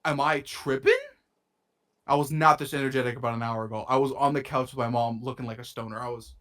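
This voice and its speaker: A man's voice: mid-range voice, steady tone, fast, a bit bright. A young man co-hosting a podcast, telling a rambling story in casual chat with lots of swearing and slang, his nose a bit stuffy. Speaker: podcast co-host.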